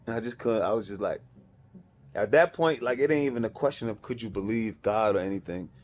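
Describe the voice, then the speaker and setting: A man's voice: fairly low pitch, brisk. A man from Brooklyn with a New York accent, a podcast guest telling a story in casual slang and acting out the voices of people he quotes. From Brownsville, Brooklyn, New York. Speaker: podcast guest, music executive.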